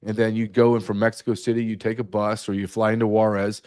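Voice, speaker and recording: A man's voice: fairly low pitch, flat delivery, fast, a little mellow, smooth. A man speaking as a guest, emphatic and repeating key numbers for effect. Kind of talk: emphatic interview talk.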